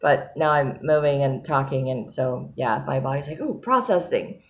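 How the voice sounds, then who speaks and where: A woman's voice: a bass voice, level tone, moderate pace. A woman talking in a casual diary vlog, sleepy and yawning, rambling and self-deprecating with frequent laughs. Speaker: vlogger.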